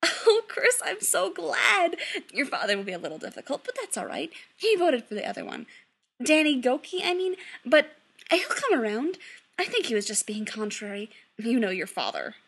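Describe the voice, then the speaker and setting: A woman's voice: fairly high pitch, sing-song, brisk, slightly rough, full character voice. Woman doing a chattering witch mom. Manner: sweet, chattering, laughing. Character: bubbly doting witch mother, middle-aged.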